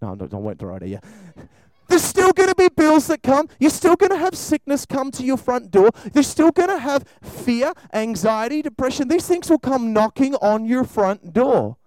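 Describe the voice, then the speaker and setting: A man preaching an animated sermon to children and a congregation, acting out voices as he goes. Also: very high-pitched, moderate pace, no room sound, rough recording. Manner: animated, acts out voices, shifts between loud and soft.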